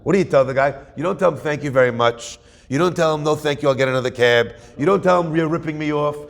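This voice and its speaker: Gravelly animated rabbi telling a story. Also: male voice, on the high side, fast. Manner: animated storyteller acting out dialogue. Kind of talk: storytelling Torah class.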